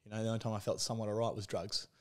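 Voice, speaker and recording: A man's voice: on the low side, little pitch movement, very fast, darkish tone. A man in his thirties, speaking as a podcast guest in candid, conversational storytelling; he talks frankly, swears freely and leans on "like" and "you know". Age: 30s.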